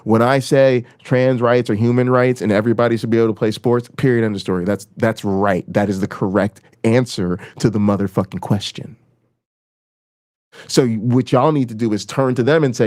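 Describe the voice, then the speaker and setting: A man's voice: normal speed, a little mellow. A man hosting his own channel, delivering a heated, profane political rant and repeating lines for emphasis. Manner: swings between raised emphasis and low, dropped delivery. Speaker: channel host. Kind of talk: impassioned political rant to camera.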